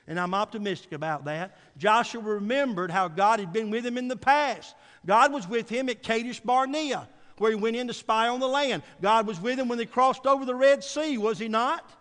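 Male pastor, high voice, preaches with big swings from hushed to loud, echoing church hall. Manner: swings from soft and low to loud and emphatic; calls out "Amen?" to the congregation. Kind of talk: sermon. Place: church sanctuary.

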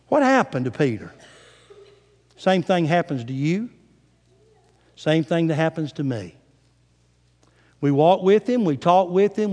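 Male preacher, dramatic sermon delivery, high animated voice, long church reverb. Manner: animated, dramatic scripture retelling.

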